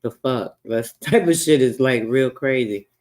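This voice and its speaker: A man's voice: mid-range voice, measured pace, darkish tone. A man hosting a casual livestream, talking loosely and swearing as he reads old records aloud. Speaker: livestream host.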